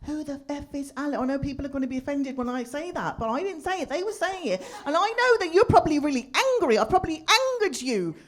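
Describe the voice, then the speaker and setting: Animated woman doing stand-up. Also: high-pitched, fast, few pauses. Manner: chatty, teasing the crowd with rhetorical asides. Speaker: stand-up comedian. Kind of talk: stand-up comedy set. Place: live comedy venue with audience.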